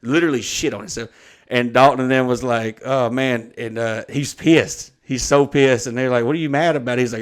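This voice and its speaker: Man, thirties, podcast co-host, rambling storyteller, profane, average pitch. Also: fairly even intonation, a little fast. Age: 30s. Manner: rambling, profane, laid-back. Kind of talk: casual storytelling chat.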